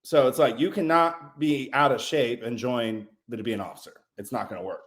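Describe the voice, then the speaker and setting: A man in his forties, a podcast guest and former Navy corpsman, telling stories in an animated, profane, casual way. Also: mid-range voice, fairly quick, roomy sound. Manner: animated, heavy swearing, acts out quotes. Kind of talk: casual storytelling.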